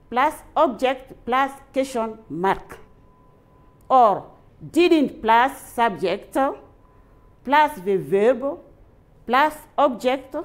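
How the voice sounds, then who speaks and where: Malian-accented woman teacher, slightly high voice, very slow dictation with every line repeated. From Mali. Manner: repeats each phrase slowly, as if dictating. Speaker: English teacher. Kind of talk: dictated grammar lesson.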